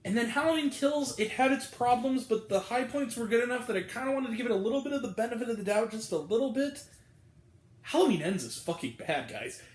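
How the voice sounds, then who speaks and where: A man's voice: extremely high pitch, expressive, fast talker, roomy sound. A man giving a casual, exasperated spoken film review, rambling with lots of fillers. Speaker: movie reviewer.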